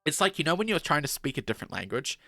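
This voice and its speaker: A man's voice: fairly high pitch, very animated, racing, gravelly, sharp tone, dry recording, soft background music. A man in his twenties with a New Zealand accent, chatting casually on a game stream, rambling and swearing often. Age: 20s.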